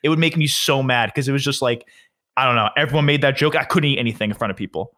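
Young guy cohost cussing a lot while he tells stories, bright voice. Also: medium pitch, fast. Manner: profane, animated storyteller. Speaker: podcast co-host. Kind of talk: casual chat.

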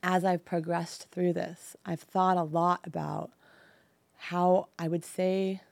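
Her voice sits lowish and gravelly, holding a level tone with no echo in the recording. She's a woman in her thirties from the San Francisco Bay Area, guesting on a podcast and recounting her personal story candidly and emotionally, easing off on the hard details.

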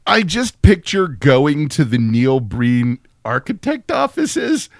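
A man's voice: fairly high pitch, sing-song, slow, no room sound. A man hosting a podcast, chatting casually and joking, often laughing. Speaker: podcast host.

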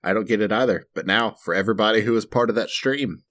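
A man's voice: on the low side, quick pace, a bit bright. An American man chatting casually as a podcast co-host, self-deprecating and joking, laughing often. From United States. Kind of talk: casual chat.

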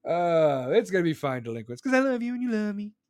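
A man hosting a live podcast, ranting loudly and profanely, rambling with sudden jumps in pitch, close to the microphone. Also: very animated, quick pace, no echo. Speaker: podcast host. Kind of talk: live podcast venting monologue. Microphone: close studio microphone.

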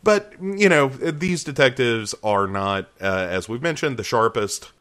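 A man co-hosting a podcast, chatting casually and jokingly about a film, laughing and putting on quick voices for the characters. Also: mid-range voice. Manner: animated, laughing, jokey asides and quoted voices. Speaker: podcast co-host. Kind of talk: casual movie review chat.

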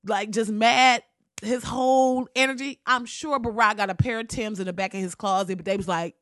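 A woman with a high voice tears into a heated comedic rant, blunt and slangy, swearing at every turn. Her voice is close and dry, with no room sound around it. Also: animated, brisk, bright, forceful tone, no echo.

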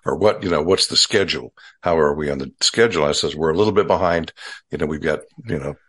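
An older man hosting a relaxed interview, telling wry stories with rambling asides. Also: very deep voice, fast talker, slightly rough. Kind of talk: casual conversational interview.

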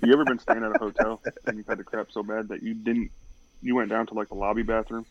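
Quick-talking teasing man. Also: lowish voice, little pitch movement, no room sound, lo-fi sound. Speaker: podcast co-host. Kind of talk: casual banter.

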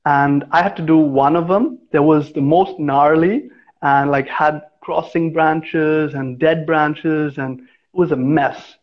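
A man's voice: a little high, fairly even intonation, slow. A man who works as an arborist, telling stories in a casual interview and acting out the voices in his anecdotes. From India. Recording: dull, lo-fi sound.

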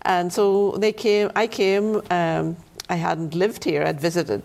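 Northern irish lady councilor, low gravelly voice, chatty and friendly. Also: flat delivery, slow, a little mellow. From Northern Ireland. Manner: friendly, storytelling with small restarts. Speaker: city councilor guest. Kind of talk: casual interview chat.

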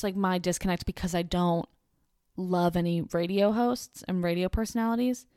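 A twenty-something woman hosts a relaxed solo podcast in a medium-pitched, slightly mellow voice. She rambles and chats, dropping "like" constantly and restarting sentences. It's a dry recording with clean studio sound.

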